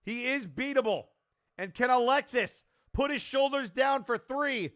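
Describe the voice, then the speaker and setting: A man doing play-by-play wrestling commentary, getting worked up and yelling at the referee. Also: very high voice, unhurried. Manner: excitable, yelling at big moments, complains at the referee.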